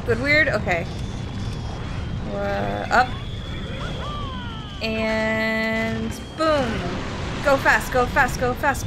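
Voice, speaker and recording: An Australian woman streams a platform game, her lively voice swooping up into yelps and laughter. She talks slowly and sits a bit high in pitch, with game music playing behind her. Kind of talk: live game-stream chat.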